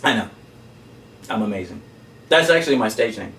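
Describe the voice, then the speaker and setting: A man co-hosting a casual movie podcast, playful and jokey, with halting restarts. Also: lowish voice, expressive, fairly bright tone. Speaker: podcast co-host. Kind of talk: casual chat. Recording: roomy sound, distant mic, faint room noise.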